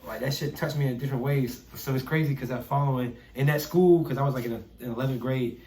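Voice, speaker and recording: A young man telling a story in a casual chat, animated, swearing and acting out the people he quotes. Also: medium pitch, fast talker. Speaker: podcast guest, artist. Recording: roomy echo.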